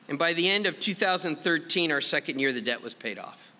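Bright-voiced storytelling pastor. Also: male voice, on the high side, brisk, hardly any pauses, in a large hall, a little hiss or hum. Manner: animated storytelling, acts out his own past remarks. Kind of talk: testimony sermon.

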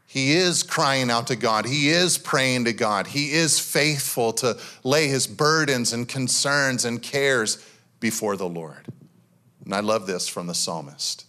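A man pastor giving a sermon in a church, talking in a loose, conversational way with lots of fillers and animated bursts. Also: medium pitch, unhurried.

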